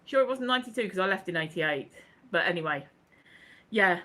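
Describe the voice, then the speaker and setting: Lively, bright-voiced woman. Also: fairly low pitch, brisk. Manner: chatty, laughs often, rambling asides. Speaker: livestream host. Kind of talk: casual chat reading viewer comments.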